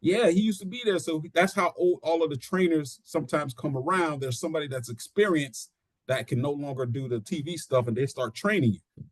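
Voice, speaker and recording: A middle-aged man, a pro wrestler being interviewed, telling his story casually and acting out quotes in an animated way. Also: a little high, brisk, no echo. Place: studio.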